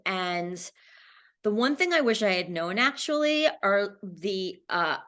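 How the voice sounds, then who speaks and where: A woman's voice: mid-range voice, a bit bright. A woman in her forties, a cancer survivor, telling her personal story in an interview with candid talk and frequent fillers and restarts.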